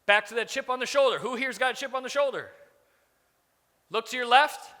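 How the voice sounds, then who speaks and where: A man's voice: very high-pitched, fairly quick, bright, forceful tone. Blunt, profane man on a conference stage. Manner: blunt, profane, acts out quoted dialogue. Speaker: business speaker on stage. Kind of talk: profane motivational keynote. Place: large conference hall. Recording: reverberant hall, stage mic.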